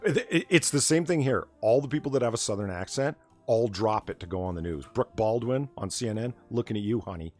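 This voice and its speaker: A man from the United States hosting a casual late-night chat stream, talking in an animated, profane, ranting way. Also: fairly low pitch, brisk, hardly any pauses, faint music behind. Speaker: stream host.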